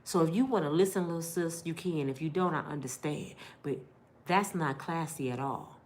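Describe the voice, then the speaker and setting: A middle-aged woman vlogger giving heartfelt life advice in an animated, preachy big-sister way. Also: deep voice, moderate pace, a little hiss or hum.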